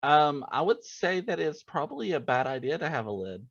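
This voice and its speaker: A man's voice: on the high side, sing-song, moderate pace, vocal fry, fairly bright tone, no echo, muffled recording. A man appearing as a guest on a podcast, who answers in an easygoing, agreeable way. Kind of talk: casual chat.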